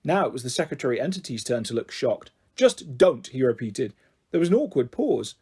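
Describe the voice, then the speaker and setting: Animated male storybook narrator. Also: medium pitch, a little fast, breathy edge. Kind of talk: audiobook reading.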